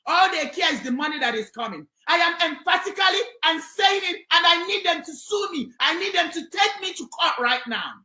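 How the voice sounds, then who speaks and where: A Nigerian woman holds forth on air with fervent, preacherly conviction, her high voice often rising to a shout. Her tone is bright and ringing. The recording carries a roomy echo. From southeastern Nigeria. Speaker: commentator on air. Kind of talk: impassioned on-air commentary.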